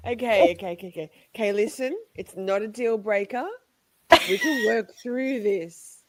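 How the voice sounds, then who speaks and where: A woman chatting casually as she reacts to a trial, giggly and playful, swinging from soft whispers to high squeals. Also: moderate pace.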